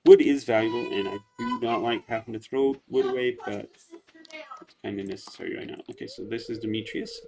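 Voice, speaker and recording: A man casually commenting on gameplay in a relaxed, chatty way, with frequent hesitations. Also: mid-range voice, brisk, creaky, background noise. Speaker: let's play host.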